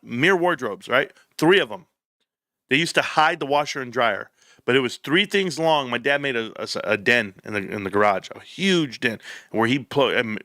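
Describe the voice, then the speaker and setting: A man's voice: medium pitch, pushed and bright, no echo, clean studio sound. A man in his thirties hosting a casual livestream, joking and slipping into bits of song. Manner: joking, breaks into singing. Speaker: livestream host.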